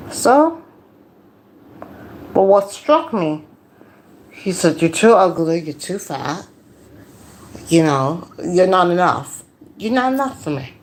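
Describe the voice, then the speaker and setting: A woman losing her voice, livestreaming a casual personal talk in a slow, confiding way with preachy asides. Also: fairly low pitch. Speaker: livestream host.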